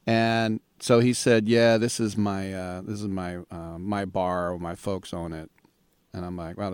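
Rambling, low-voiced sports radio man. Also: dry recording. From Bay Area, California. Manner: rambling storyteller who acts out both sides of conversations. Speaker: sports talk radio host. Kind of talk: casual chat.

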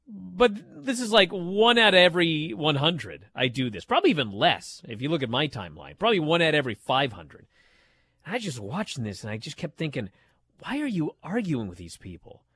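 A man in his thirties co-hosting a radio talk show, telling stories in an animated way and asking rhetorical questions. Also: on the high side, brisk, slightly rough.

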